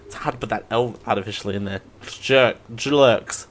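A man's voice: on the low side, fairly even intonation, quick pace, fairly bright tone. A man hosting a live question show, rambling and self-mocking, laughing at his own jokes. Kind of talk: live stream Q&A.

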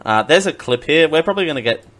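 A man's voice: a little high, expressive, quick pace, a bit bright. A man hosting a casual comedic live stream, laughing often and making silly mouth sound effects. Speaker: live-stream show host.

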